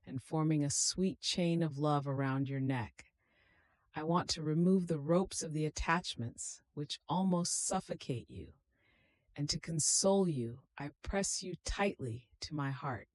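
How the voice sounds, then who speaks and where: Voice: medium pitch, measured pace, no echo. A reader speaking a devotional meditation aloud as a fervent, pleading prayer.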